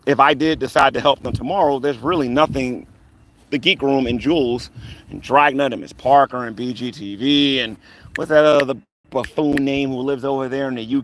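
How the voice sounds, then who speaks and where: A man's voice: mid-range voice, steady tone, normal speed, fairly bright tone, a little hiss or hum. A man running a live stream, taunting rivals in a combative, rambling rant full of fillers. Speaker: online commentator on a live stream.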